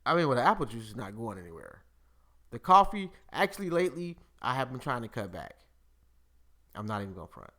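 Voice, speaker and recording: A man hosts a casual live-streamed chat, cursing freely and laughing often. His voice is bright and forward, and his pitch swings widely as he talks. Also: a little fast. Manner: profane, animated, laughs often. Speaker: podcast host.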